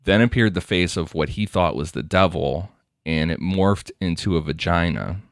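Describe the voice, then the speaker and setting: A deep-voiced man hosting a casual podcast, reading case details in a loose, conversational way and laughing often. His voice is dry and close to the microphone. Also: moderate pace, gravelly, no room sound. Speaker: podcast host. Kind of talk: casual true-crime narration.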